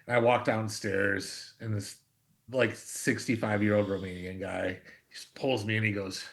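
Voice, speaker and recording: Laid-back low-voiced male podcast guest. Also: fairly even intonation, vocal fry. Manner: laid-back, halting starts, profane. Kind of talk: casual chat.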